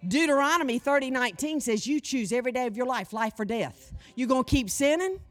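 A woman's voice: sits high, a little fast. A woman in her sixties preaching a sermon, calling for a witness from the congregation and mixing in folksy humor. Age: 60s. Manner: animated, calls for audience response, folksy humor.

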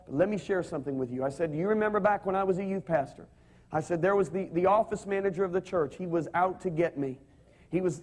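A man's voice: high-pitched, a little mellow. A man preaching a sermon, telling stories animatedly and having the congregation repeat his words. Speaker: pastor.

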